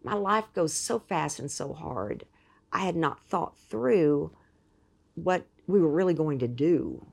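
A woman guest telling a personal story in an animated, expressive way. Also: sits low, slow, vocal fry, slightly rough. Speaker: podcast guest. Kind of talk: storytelling in conversation.

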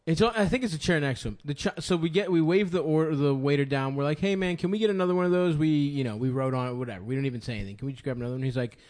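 A man's voice: medium pitch, rapid-fire, few pauses. A man hosting a live podcast, telling a story with lots of swearing and laughter. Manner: profane, laughing, animated storytelling. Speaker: podcast host. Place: live show venue.

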